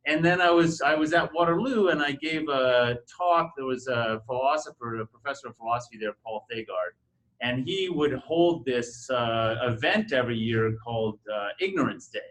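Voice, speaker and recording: A man's voice: medium pitch, normal speed, fairly bright tone, rough recording. A middle-aged man speaking on a conference panel, telling his story in a hesitant, conversational way with many fillers and restarts. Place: university conference room.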